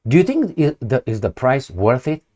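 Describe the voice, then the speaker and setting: Animated, sarcastic ranting man. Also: medium pitch, normal speed. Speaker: political commentator. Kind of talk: ranting political commentary.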